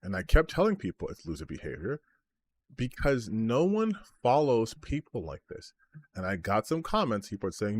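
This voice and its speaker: A man's voice: mid-range voice, sing-song, moderate pace, no room sound. Exasperated, sarcastic male streamer ranting. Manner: sarcastic, exasperated, swears freely. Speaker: gaming streamer. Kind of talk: ranting commentary on comments.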